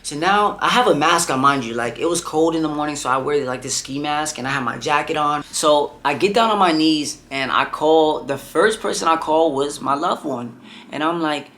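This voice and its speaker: Young guy doing a storytime vlog, kinda high voice, says like and bro constantly. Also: moderate pace, fairly bright tone. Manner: rambling, heavy on filler "like" and "bro". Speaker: vlogger.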